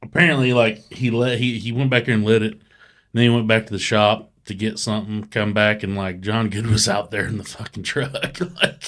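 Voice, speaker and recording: A man's voice: fairly low pitch, level tone, a little fast, fairly bright tone. A man telling old stories in casual podcast chat, swearing all the time and laughing as he talks. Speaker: podcast host.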